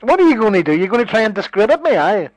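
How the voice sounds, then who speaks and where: Man, high-pitched, dry close sound, profane, scornful, combative. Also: sing-song, very fast, dry recording, low-quality recording. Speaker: phone call participant. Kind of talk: heated phone argument.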